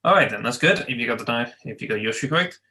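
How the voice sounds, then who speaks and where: A man's voice: mid-range voice, lively intonation, racing, pushed and bright. A man co-hosting a casual gaming podcast, playful and often stumbling and restarting his sentences. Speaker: podcast co-host. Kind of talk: casual chat.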